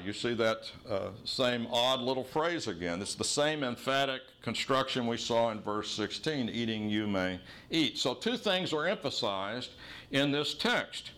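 A middle-aged man preaching a sermon as pastor, teaching in an earnest tone and slowing to stress key phrases. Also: medium pitch, animated, a bit bright.

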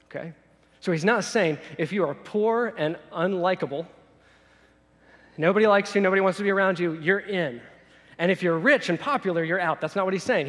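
A man's voice: fairly high pitch, a bit bright. A man preaching a sermon in a conversational way, often repeating his words and acting out quoted voices. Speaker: pastor. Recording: long hall reverb.

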